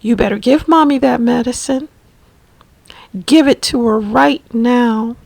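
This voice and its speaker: A woman's voice: on the high side, a little slow, gravelly, a little mellow, dry recording. A woman voicing her adult sister, firmly urging her. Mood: urgent. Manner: urging, firm.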